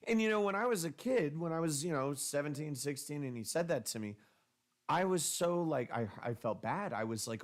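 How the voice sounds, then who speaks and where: A young man co-hosting a casual podcast, telling stories animatedly and jumping into quoted voices. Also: brisk. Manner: animated storyteller, jumps into high-pitched quoted voices. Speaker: podcast co-host.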